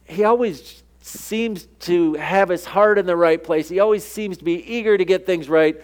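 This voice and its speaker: Male pastor, fairly high voice, conversational sermon that slips into acted-out dialogue. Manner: conversational preaching, acts out quoted dialogue.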